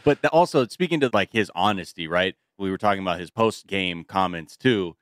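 Male co-host, lowish voice with a lot of swing, dry close mic, jokey banter. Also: brisk, dry recording. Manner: animated, jokey, slips into playful impressions. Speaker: podcast co-host. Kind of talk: casual podcast chat.

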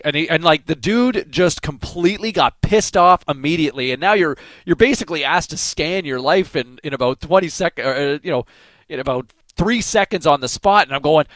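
A man's voice: a little high, lively intonation, normal speed, a bit bright, no echo. Rambling man hosting a morning radio show. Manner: rambling, with many fillers and restarts, gets worked up. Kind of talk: casual storytelling chat.

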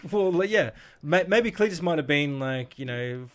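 A man's voice: a little high, lively intonation, takes it slowly. Jokey man riffing in podcast banter. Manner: jokey riffing with stammered starts. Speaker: podcast co-host. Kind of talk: casual chat.

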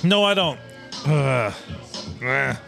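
A man's voice: mid-range voice, lively intonation, slow, gravelly. An easygoing man co-hosting a podcast in a bar, steering casual banter. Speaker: podcast co-host. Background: music.

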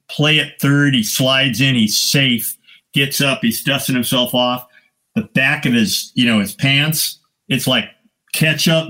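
An older man, a guest photographer, telling casual stories in a lively raconteur's way, swearing freely. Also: mid-range voice. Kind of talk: casual anecdotal storytelling.

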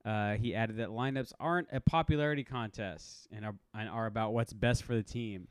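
A man co-hosting a casual sports podcast. He talks in an animated way, laughs often and trails off with fillers. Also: on the low side, brisk, smooth, dry recording, clean studio sound. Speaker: podcast co-host.

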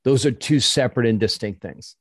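A man co-hosting a coaching podcast, talking quickly and acting out his stories. His voice sits at a middle pitch. It is recorded dry and close. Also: husky, no room sound. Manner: lively, animated storyteller. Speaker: podcast co-host coaching chiropractors. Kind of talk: casual podcast conversation, storytelling.

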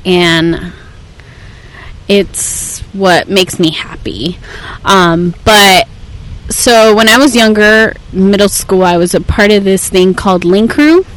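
Young woman on a podcast, talks slow, candid, gets animated. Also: fairly low pitch, a little hiss or hum, rough recording. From United States. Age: young adult. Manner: candid, animated, mixes Spanish into English. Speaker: podcast guest, therapist. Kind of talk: casual conversation.

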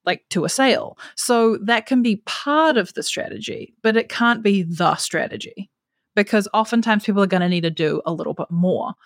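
A woman's voice: mid-range voice, animated, normal speed, dry recording. Young woman explaining, dry sound. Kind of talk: casual chat.

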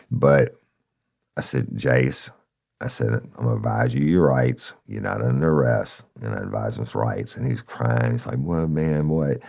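Man, middle-aged, very low gravelly voice, folksy and profane storyteller. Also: darkish tone. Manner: folksy and profane, addresses listeners as y'all. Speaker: podcast storyteller, former narcotics officer. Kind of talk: casual first-person storytelling.

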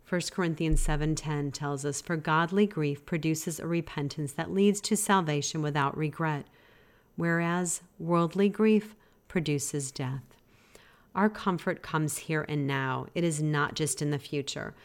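A woman with a notably low voice hosts a devotional podcast. She teaches in an earnest, gently exhorting manner, speaking close to the microphone. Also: a little slow. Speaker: podcast host.

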